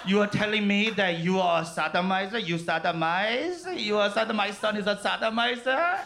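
A man voicing his blunt, scolding Korean immigrant mother in broken, halting phrasing. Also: mid-range voice, a bit bright, close to an everyday voice. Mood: scandalized.

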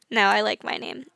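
A woman's voice: on the high side, creaky, bright, forceful tone, slightly rough, dry recording, studio quality. A young woman hosting her own podcast, chatting casually and self-consciously, acting out small dialogues as she talks. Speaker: podcast host. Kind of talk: casual solo podcast chat.

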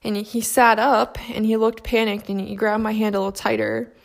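A young adult woman telling a personal story about grief in a soft, reflective, halting way. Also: medium pitch, level tone, gravelly.

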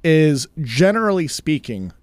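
A man's voice: fairly high pitch, big pitch swings, measured pace, darkish tone, no echo. A man co-hosting a podcast, telling a story in a chatty, casual way and laughing easily. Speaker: podcast co-host.

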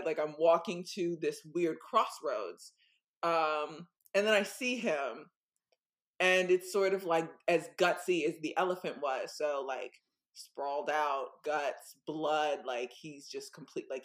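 Speaking slowly in a low register, a young podcast co-host wanders through a casual story. She fills it with "like" and "um" and slips into different voices for the characters.

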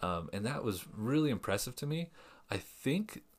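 A man co-hosting a podcast in casual chat, thoughtful and hesitant, often pausing and restarting. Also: mid-range voice, big pitch swings. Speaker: podcast co-host.

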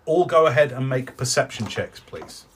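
A man's voice: medium pitch, expressive, moderate pace, noisy background. A man running a tabletop game as game master, describing scenes with fillers and self-corrections.

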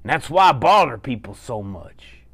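A man's voice: mid-range voice, very animated, moderate pace, fairly bright tone, slightly rough, exaggerated voice. A man voicing a lonely big bad wolf who pleads plaintively for a friend.

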